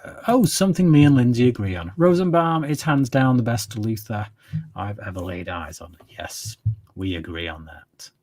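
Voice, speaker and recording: A man's voice: lowish voice, expressive, normal speed, a little mellow. A man hosting a casual livestream Q&A, rambling and opinionated, humming filler syllables while he reads the chat. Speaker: channel host answering viewer questions.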